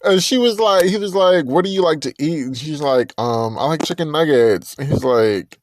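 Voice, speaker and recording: A man's voice: fairly high pitch, lively intonation, normal speed, no room sound. A young man hosting a podcast, animatedly recapping a reality TV episode, acting out the people in it and laughing often. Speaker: podcast host.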